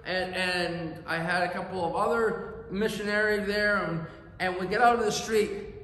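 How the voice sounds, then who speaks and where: A man's voice: sits high, steady tone, moderate pace, bright, forceful tone. A man preaching a sermon as pastor, telling a story earnestly and with emphasis in a church. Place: church sanctuary. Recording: echoey church hall reverb.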